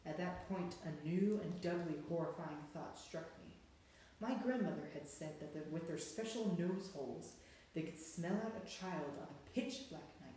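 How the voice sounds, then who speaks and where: Brief: storybook narrator, dramatic and suspenseful, mid pitch, very echoey room, faint hum. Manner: dramatic, hushed and then rising with suspense. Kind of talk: storybook read-aloud narration.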